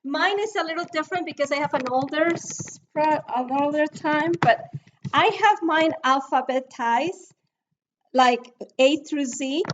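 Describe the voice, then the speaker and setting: A middle-aged woman with a noticeable foreign accent talks through a lesson over a video call. Her voice sits high, and she keeps a calm, patient, friendly manner while giving step-by-step instructions, with a faint hiss of noise in the recording. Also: unhurried, dull audio. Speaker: essential oil mixing instructor.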